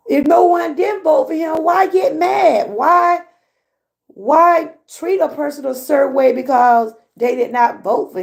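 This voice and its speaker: Speaking in a high, gravelly voice with a somewhat dark tone, this livestream host is a Southern woman from Georgia. She keeps things casual and talkative, often laughing and replying to viewers in chat.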